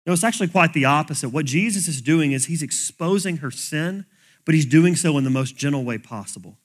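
Pastor, male, slightly high bright voice, casual preaching delivery. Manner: conversational preaching, plain everyday phrasing. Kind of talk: sermon.

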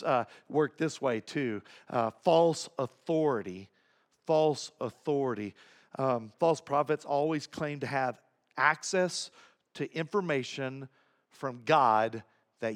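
A male pastor preaches emphatically in a fairly bright voice, repeating key phrases and swinging between low asides and raised points.

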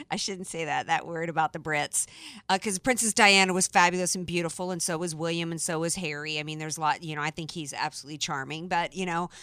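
A woman's voice: low voice, fairly even intonation, quick pace, pushed and bright, smooth, no echo. A woman from the American South hosting a radio talk show, chatty and playful, giggling as she talks. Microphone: studio microphone.

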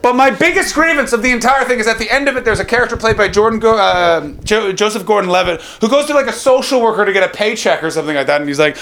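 A young man performing stand-up comedy, ranting in a profane, animated way. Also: sits high, fast.

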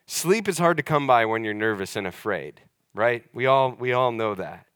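A young man delivers a sermon in a relaxed, conversational way. He leans hard on key words, slowing right down to stress them. His voice sits in an ordinary middle range and sounds close and dry, with little room around it. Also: mid-range voice, clear, resonant tone, no room sound. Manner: conversational, emphatic with slow deliberate stresses. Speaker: pastor.

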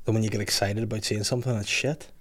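A man's voice: fairly low pitch, fairly even intonation, fast talker, fairly bright tone. A man in his thirties hosting a podcast, rambling and laughing through casual chat. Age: 30s. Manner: rambling, laughing, slips into put-on voices. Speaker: podcast host.

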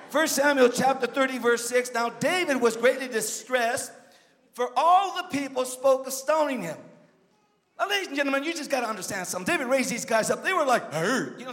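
A man preaching a sermon as a guest pastor, swinging from emphatic shouts to low joking asides to the congregation. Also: lively intonation, fairly quick. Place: church sanctuary. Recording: long church reverb.

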